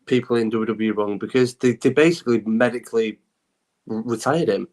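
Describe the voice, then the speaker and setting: A man's voice: mid-range voice, brisk, a little mellow. A man co-hosting a casual wrestling podcast, talking heatedly with stumbling restarts. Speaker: podcast co-host.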